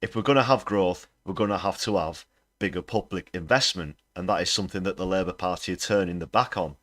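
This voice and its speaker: A man's voice: deep voice, quick pace, fairly bright tone. A man hosting a political livestream, ranting indignantly against politicians. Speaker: livestream host. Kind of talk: political commentary.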